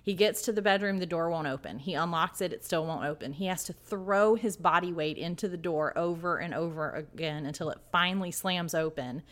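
Low-voiced woman telling a spooky story. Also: brisk, few pauses. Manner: dramatic storyteller acting out quotes. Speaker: podcast co-host. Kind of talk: casual storytelling chat.

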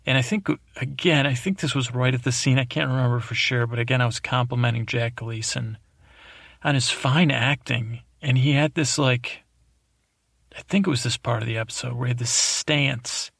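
Gravelly man rambling a sleep podcast. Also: mid-range voice, fairly even intonation, normal speed, fairly bright tone, no echo, studio quality. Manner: meandering, drowsy, self-deprecating asides. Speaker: podcast host.

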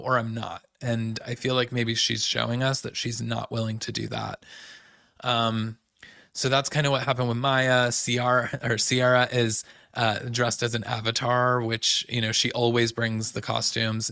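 A man hosts a casual recap podcast, talking loosely with plenty of fillers and quick quoted asides. His voice is gravelly with fry and stays fairly flat in pitch. The sound is dry and close. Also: no echo. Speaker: podcast host recapping reality TV. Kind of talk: casual chat.

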